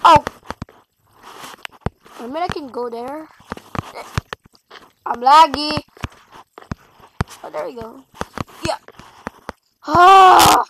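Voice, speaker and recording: High-pitched gamer muttering and yelling. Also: extremely slow, gravelly, pauses often, background noise. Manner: frustrated, exclaiming, mutters to self. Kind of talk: gaming commentary. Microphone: tablet mic.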